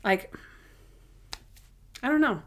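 A woman's voice: fairly high pitch, animated, slow. A young woman co-hosting a casual chat, recapping episodes in a chatty way. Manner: chatty, acts out scenes in voices.

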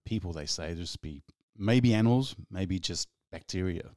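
A man's voice: low-pitched, normal speed, a little mellow, no room sound, studio quality. A man co-hosting a radio show, chatting casually, laughing and rambling between jokes. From Australia. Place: radio studio.

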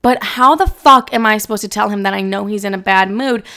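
A woman's voice: mid-range voice, fairly quick, sharp tone. A young woman hosting a solo podcast, chatting casually in a brash, rambling, profane way. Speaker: podcast host.

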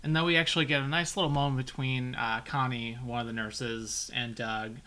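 Bright-voiced man summarizing plot. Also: medium pitch, level tone, fairly quick. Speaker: podcast co-host. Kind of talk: casual TV recap chat.

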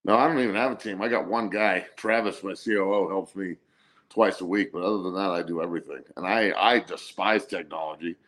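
A man in his forties with a somewhat low voice tells long, profane stories in a relaxed way, chuckling as he goes. He co-hosts a casual sports talk show. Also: brisk. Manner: laid-back, profane, laughs through stories. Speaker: co-host, former college athlete. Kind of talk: casual storytelling chat.

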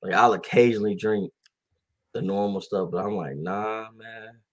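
This is a young man in his twenties, co-hosting a casual podcast. He tells stories in loose slang and laughs easily. His voice sits a little low. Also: fairly even intonation, fairly quick. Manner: laid-back, laughs often, slangy storytelling. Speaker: podcast co-host. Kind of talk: casual chat.

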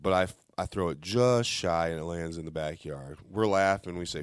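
A young man casually telling a childhood story to friends on a podcast, animated and laughing through the punchlines. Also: sits low, normal speed, clear, resonant tone, no room sound.

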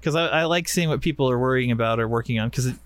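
A man's voice: medium pitch, rapid-fire, dry recording. A man co-hosting a podcast in casual chat, full of playful, jokey banter. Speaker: podcast co-host.

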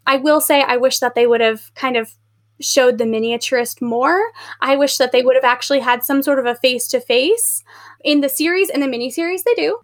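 A chatty woman on a casual book podcast, her voice sitting a little high. She rambles through her thoughts with plenty of "like"s and acts out what other people said. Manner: chatty, filler-heavy, animated retelling with acted quotes. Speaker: podcast co-host.

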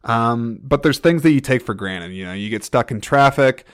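A man's voice: medium pitch, lively intonation, normal speed, clean tone, no room sound, clean studio sound. A man hosting a solo film podcast, talking in an earnest, rambling way with frequent restarts and fillers. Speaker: podcast host.

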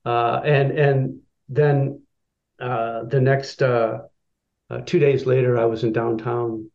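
Guy telling a story from his life, lots of uh and restarts, mid pitch, kinda dull lo-fi audio. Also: slow. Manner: personal, animated storytelling with filler words. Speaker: guest. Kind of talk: storytelling in an interview.

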